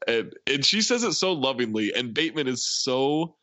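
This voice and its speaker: Man, bright forceful voice, lively pitch, dry muffled lo-fi sound, laughing film recap. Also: normal speed, no echo. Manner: laughs often, acts out quotes. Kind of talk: casual chat recapping a film.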